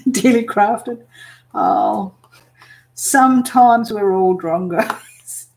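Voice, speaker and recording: Slow-talking Australian woman, casual chat. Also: medium pitch, lively intonation, darkish tone. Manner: laughs often, explains slang to viewers. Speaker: live-streaming hobby crafter. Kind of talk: casual live chat while working.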